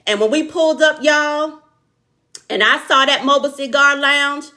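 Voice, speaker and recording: Bright-voiced woman preaching to her viewers. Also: on the high side. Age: middle-aged. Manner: warm, preacher-like, repeats lines for emphasis, calls out viewers by name. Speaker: host of a live online talk show. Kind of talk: live motivational talk to viewers.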